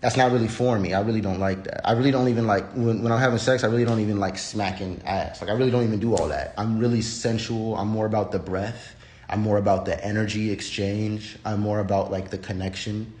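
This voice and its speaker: A livestream host with a fairly low, steady, slightly mellow voice talks at a quick pace. His casual, unscripted rant is blunt and profane, wandering with frequent restarts, and the room gives off a noticeable echo.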